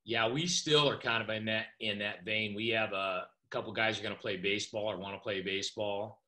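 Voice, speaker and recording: A man hosting an interview, asking questions in a relaxed, conversational way. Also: lowish voice, fairly quick. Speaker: host and football coach. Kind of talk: casual interview chat.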